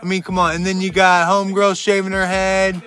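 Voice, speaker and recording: A man hosting a casual monologue recommending movies, rambling excitably with jokey asides. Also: high-pitched, fairly quick, faint music behind.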